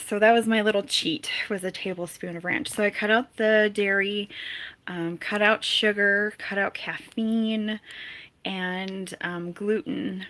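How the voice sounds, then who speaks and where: A woman's voice: mid-range voice, steady tone, unhurried, fairly bright tone. A young woman chatting casually on a live stream from home, giggling often and greeting viewers by name.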